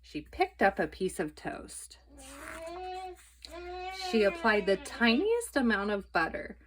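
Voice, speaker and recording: A woman storyteller reading a children's book aloud in a clear, expressive way. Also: medium pitch, takes it slowly, crowd noise.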